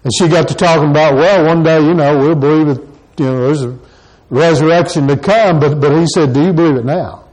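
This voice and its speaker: A man's voice: on the high side, fairly even intonation, a little fast, darkish tone, poor audio. A pastor preaching a sermon to his congregation, pressing the same questions again and again. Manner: repeats rhetorical questions to the congregation.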